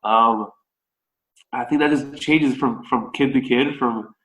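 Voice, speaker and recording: American coach guy chatting on a podcast, mid-pitched voice, kinda echoey room, thinks out loud. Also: takes it slowly. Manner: relaxed, conversational, thinking aloud. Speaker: baseball coach, guest. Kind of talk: podcast interview.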